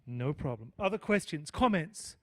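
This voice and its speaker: A man's voice: fairly high pitch, expressive, normal speed, fairly bright tone. A man lecturing on math to a live class, chatty, often checking in with "okay?" and "right?". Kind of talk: live lecture with student questions.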